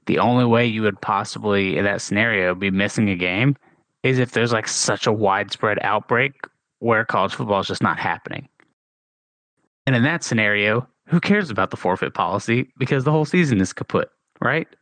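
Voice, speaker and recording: A man's voice: fairly low pitch, fairly quick, fairly bright tone, no echo. A man co-hosting a sports podcast, making his case in a casual, argumentative way. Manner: argumentative, rising to emphatic. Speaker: podcast co-host.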